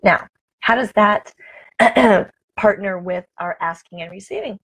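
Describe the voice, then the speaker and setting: Chatty upbeat woman on a live morning cam vid, super raspy gravelly voice. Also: mid-range voice, a little slow, fairly bright tone, poor audio. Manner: upbeat, chatty, laughs often, greets viewers by name. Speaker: motivational vlogger. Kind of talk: casual live morning talk to camera. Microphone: camera mic, talking straight to camera.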